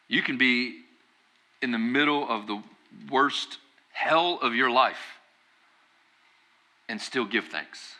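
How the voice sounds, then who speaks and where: A male pastor preaches in a relaxed, conversational manner, his mid-range voice very bright and ringing. He takes it slowly with long pauses, then lifts into emphatic, driving bursts to drive a point home.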